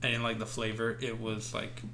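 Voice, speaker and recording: Bright-voiced, rambling man on a podcast. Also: mid-range voice, completely flat delivery, brisk, faint music behind. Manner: rambling, hesitant, easygoing. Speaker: podcast co-host. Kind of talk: casual chat.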